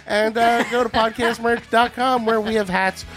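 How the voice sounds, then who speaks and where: A man's voice: very high-pitched, fairly even intonation, moderate pace, a bit bright, faint music behind. A man co-hosting a casual comedy podcast, reading plugs in a laid-back, joking way. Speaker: podcast co-host. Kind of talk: casual chat.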